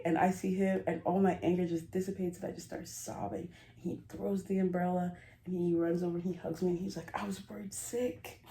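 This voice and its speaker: A woman's voice: on the low side, dark tone, a little hiss or hum. A woman vlogger telling a rambling, giggly story in casual confessional chat, often cutting herself off. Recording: roomy echo.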